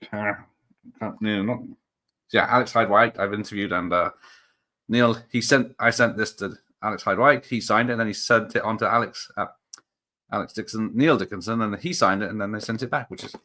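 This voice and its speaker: A man hosts a casual live stream and reads out viewer comments. He rambles and restarts, filling the gaps with ums and small chuckles. His voice sits a little low. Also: normal speed, long pauses, bright, forceful tone. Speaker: host of a live show.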